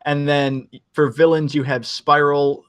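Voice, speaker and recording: Chatty young man, higher voice. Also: little pitch movement, unhurried, clean tone. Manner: enthusiastic, profane, rambling. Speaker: podcast co-host. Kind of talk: casual chat.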